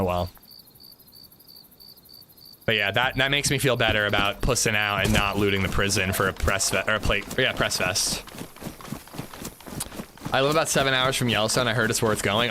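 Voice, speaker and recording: A man streaming a game, chatting in a relaxed way and answering his chat. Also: lowish voice, background noise. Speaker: gaming streamer. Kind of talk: casual livestream chat. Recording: game ambience loud behind voice.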